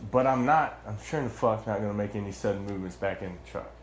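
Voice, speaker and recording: A man's voice: lowish voice, fast talker, reverberant, a little hiss or hum. A young man, a former Marine, telling the story of his own arrest in a heated, blunt way, with swearing and many restarts. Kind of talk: heated first-person account.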